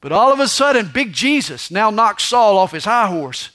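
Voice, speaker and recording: High-pitched, bright-voiced male preacher. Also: sing-song, normal speed. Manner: dramatic preaching, swings from loud to hushed. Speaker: pastor. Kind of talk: sermon.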